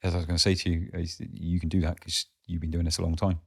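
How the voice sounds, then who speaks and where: A man as a guest on a casual podcast chat, laid-back and sweary, dropping into hushed asides when quoting. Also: sits low, flat delivery, fast, gravelly, slightly rough.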